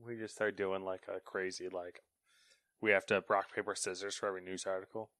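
A man co-hosting a casual gaming news podcast, chatty and animated, acting out little skits. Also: low voice, fairly quick, no echo. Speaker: co-host reading gaming news.

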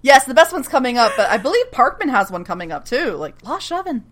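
A woman's voice: high voice, big pitch swings, fast talker, a bit bright. A woman co-hosting a podcast, recapping a TV episode in casual chat, laughing often and swearing freely.

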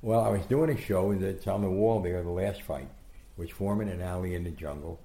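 An older man telling anecdotes as an interview guest, animated, acting out quotes and often restarting his sentences. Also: sits low, brisk. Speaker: guest storyteller. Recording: echoey room.

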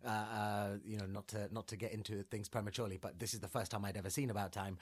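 A man's voice: lowish voice, level tone, fast, slightly rough. A man co-hosting a podcast, chatting casually about films in a rambling way, full of fillers and restarts. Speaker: podcast co-host. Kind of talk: casual film chat.

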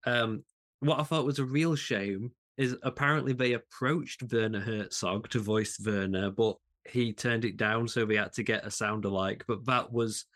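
A man's voice: fairly low pitch, fairly even intonation, moderate pace, a bit bright. A man co-hosting a casual podcast chat, talking enthusiastically with frequent restarts and laughs. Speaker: podcast co-host.

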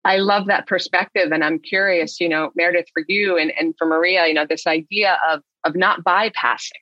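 A woman hosting a panel conversation, asking guests searching questions in a relaxed, meandering way. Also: fairly low pitch, a little fast, no echo, highs cut off. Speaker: host, moderator. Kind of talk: casual conversation.

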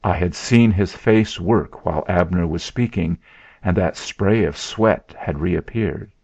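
A man narrating a first-person story in a slow, deliberate way. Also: low voice, darkish tone, breathy edge, dry recording. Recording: dull lo-fi recording.

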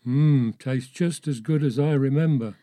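A man's voice: medium pitch, unhurried, mellow, no echo, lightly acted. A man voicing a young, ginger-bearded husband on a road trip, in a friendly conversational reading style. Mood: cheerful. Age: 20s. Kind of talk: audiobook memoir reading.

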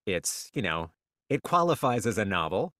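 A man chatting as a podcast guest author, relaxed and self-deprecating with a joking manner. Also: lowish voice, normal speed, no echo, clean studio sound. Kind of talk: casual interview chat.

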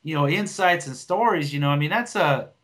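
Fairly high and fairly bright, this man's voice moves a little fast. He's a stand-up comedian and podcast co-host, rambling bluntly through casual chat with plenty of profanity and false starts.

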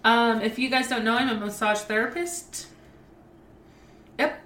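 A woman's voice: on the high side, steady tone, measured pace, a bit bright, recorded from a distance. A woman co-hosting a podcast in casual chat, playful and teasing, laughing often. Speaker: podcast co-host. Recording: echoey room, off-mic, slight noise.

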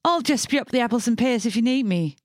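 A woman's voice: a little high, animated, quick pace, heavy background noise, close to an everyday voice. A woman voicing a cartoonish male Cockney character, piling on exaggerated rhyming slang in a put-on Cockney accent. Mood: chirpy.

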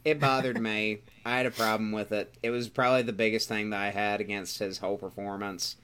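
A man's voice: on the low side, flat delivery, fairly quick, a bit bright, smooth. A man in casual chat, arguing his opinions firmly as a podcast co-host. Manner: opinionated, argumentative.

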